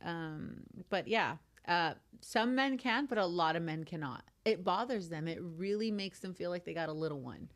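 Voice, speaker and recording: A young adult woman co-hosting a casual sister chat, emphatic and quick to joke. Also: on the low side, lively intonation. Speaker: podcast co-host.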